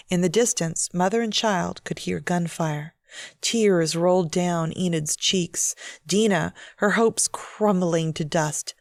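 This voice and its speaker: A woman author reading her own novel aloud in a measured, steady audiobook narration. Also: lowish voice, no echo, studio quality.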